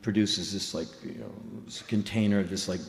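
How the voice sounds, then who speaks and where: Low-pitched and creaky, a middle-aged man speaks a little fast with a steady tone as he performs a true story live. He's blunt, intense and profane, erupting into loud shouts, and the big hall lends the recording a roomy reverb.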